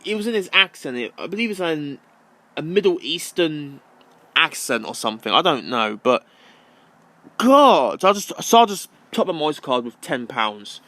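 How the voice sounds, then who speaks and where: A man's voice: a little high, very animated, moderate pace, fairly bright tone, dry recording. A young man ranting casually to camera, rambling and repeating himself with many ums. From London. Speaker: vlogger.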